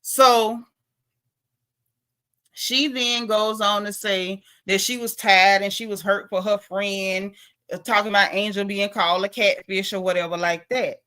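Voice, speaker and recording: A woman's voice: mid-range voice, steady tone, unhurried, pushed and bright, clean tone. A woman recapping a reality show in casual, gossipy chat, acting out what the cast said.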